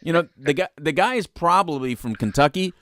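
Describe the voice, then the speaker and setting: A man's voice: a little high, expressive, brisk, fairly bright tone, no room sound, studio quality. A man hosting a radio talk show, speaking casually with frequent restarts and repeated words.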